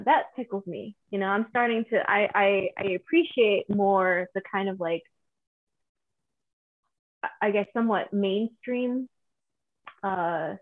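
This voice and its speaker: A woman from northern New Mexico chatting casually, rambling with many restarts and lively quoting. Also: mid-range voice. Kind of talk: casual conversation. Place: home in Santa Fe. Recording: phone-like video call audio.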